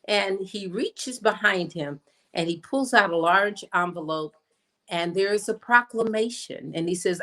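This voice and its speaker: A woman minister giving an inspirational sermon as a personal story, slowing down to stress her points. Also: animated, bright, forceful tone. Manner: storytelling, acts out quoted voices with big pitch jumps; slows down for emphasis. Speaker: guest minister. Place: streamed in from home or studio.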